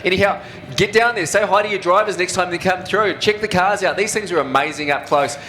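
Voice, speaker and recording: A man's voice: sits high, fairly quick, sharp tone, a little hiss or hum. An enthusiastic man, co-commentating live at a speedway.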